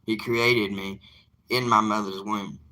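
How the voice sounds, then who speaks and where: A young man with a drawl chats on a livestream as an evangelist. He is plainspoken and defiant, and his low-pitched voice carries a strikingly bright, cutting tone. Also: fairly even intonation, measured pace. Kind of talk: casual livestream talk to viewers.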